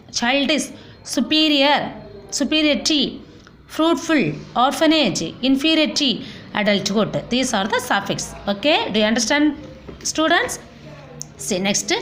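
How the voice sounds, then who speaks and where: A woman with teaches a school lesson, working through word lists one item at a time. Her voice sits high and swings widely in pitch. She often spells words out letter by letter. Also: fairly bright tone. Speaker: English teacher. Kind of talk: classroom lesson.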